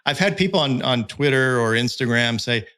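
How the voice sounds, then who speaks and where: A man's voice: medium pitch, expressive, moderate pace, pushed and bright. Middle-aged guy on a podcast, voice jumps up and down a lot, blunt and emphatic. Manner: candid and emphatic, with frequent fillers and restarts. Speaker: guest, content creator and pitching analyst. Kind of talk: casual podcast conversation.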